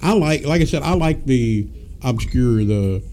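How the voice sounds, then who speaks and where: A man's voice: mid-range voice, expressive, measured pace, warm tone. A man, a podcast co-host telling rowdy stories with lots of laughter and cursing. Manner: rowdy, laughing, profane storyteller. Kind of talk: casual storytelling chat.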